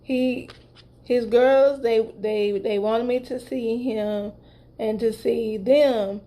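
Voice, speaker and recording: Slow, mellow-voiced woman vlogger. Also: fairly high pitch, steady tone. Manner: chatty, retelling conversations with many asides. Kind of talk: casual storytelling to viewers.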